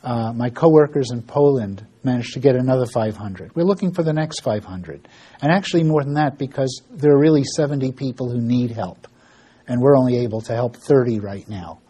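Mellow-voiced man telling a ministry story. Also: mid-range voice, animated, fairly quick, husky. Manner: storytelling with frequent fillers and restarts; acts out dialogue in quoted voices. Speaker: ministry worker giving an update. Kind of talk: informal spoken ministry report.

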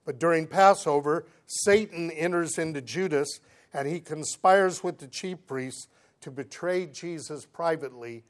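A man preaching, reading scripture aloud and explaining it in plain conversational words, swinging between emphatic lines and quiet asides. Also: fairly high pitch. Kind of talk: Bible teaching sermon.

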